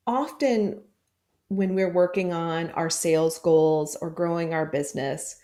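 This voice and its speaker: A woman's voice: lowish voice, a little slow, warm tone. A woman sales coach speaking as a podcast guest, encouraging and laughing easily. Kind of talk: podcast interview.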